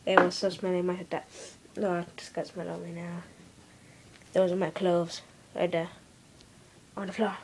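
A woman's voice: fairly low pitch, flat delivery, moderate pace, a little hiss or hum, rough recording. A young girl giving a playful home video tour, telling silly stories with mock-serious asides, recorded in a bedroom on a camera mic. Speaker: vlogger.

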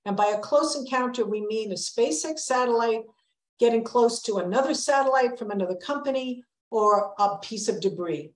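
A woman's voice: fairly high pitch, normal speed. An older woman giving a prepared public lecture, earnest and emphatic, sounding a warning. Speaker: public lecturer, planetary scientist. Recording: echoey lecture hall.

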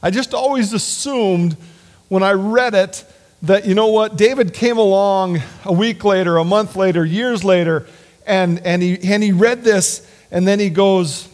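A man preaching a sermon in an earnest, halting way, often restarting his sentences. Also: high-pitched, a little mellow. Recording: long hall reverb.

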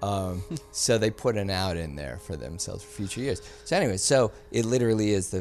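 A man, a filmmaker guest on a podcast, telling a story in a casual, animated way and acting out the people he quotes. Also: on the low side, brisk, few pauses, soft background music. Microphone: studio mic.

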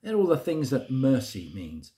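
A middle-aged British minister delivers a short daily sermon to camera. His voice is mellow and warm, and his pitch sits at an ordinary middle level for a man. He talks in a homely, chatty way and keeps asking his listeners questions. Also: wildly swooping pitch, normal speed. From Britain. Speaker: church minister giving a daily thought. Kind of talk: short informal video sermon.

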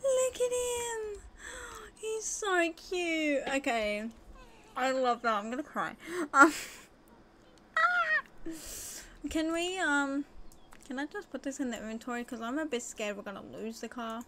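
A woman casually narrating her own life-sim game, gushing and excitable with frequent gasps and squeals. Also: a little high, moderate pace, slight background noise. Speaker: gaming video host. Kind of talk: casual let's-play commentary.

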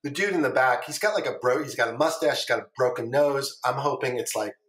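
Recorded in an echoey room, this casual interview features a middle-aged man, formerly a trader, telling long rambling stories as a podcast guest, repeating phrases and swearing offhand. He talks at a quick pace in a medium-pitched, slightly bright voice.

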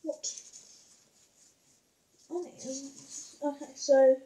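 A young woman vlogs from home in a high voice. She talks slowly and unhurriedly, wandering through her thoughts with plenty of ums and likes. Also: little pitch movement, mellow, rough recording. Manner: rambling, hesitant, lots of fillers. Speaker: vlogger. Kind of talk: casual vlog chat.

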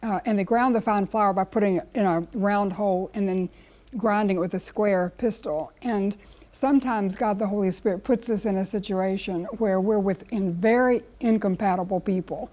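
A woman explains scripture in an earnest, conversational way, telling stories and acting out quotes as she goes. Her voice is warm and mellow. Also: mid-range voice, normal speed. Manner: earnest, storytelling with acted quotes. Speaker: guest Bible teacher. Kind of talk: conversational Bible teaching.

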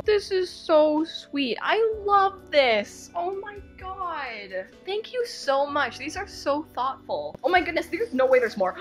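High, lively woman gushing over gifts. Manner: gushing, gasping exclamations. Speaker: YouTuber unboxing fan mail. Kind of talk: excited unboxing chat.

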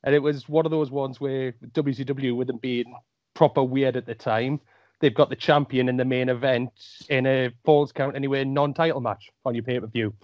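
A man's voice: medium pitch, fairly even intonation, moderate pace, no echo. Geordie-welsh guy guesting on a podcast, jokey, dry dull lo-fi sound. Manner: chatty, jokey, wry asides. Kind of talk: casual chat.

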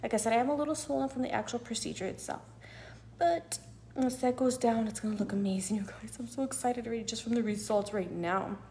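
Chatty young woman with a gravelly voice. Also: a little high, fast, warm tone, a little hiss or hum. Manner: chatty, repeats "you guys", drops to a near whisper at times. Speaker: patient sharing her recovery. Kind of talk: casual selfie vlog. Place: at home indoors.

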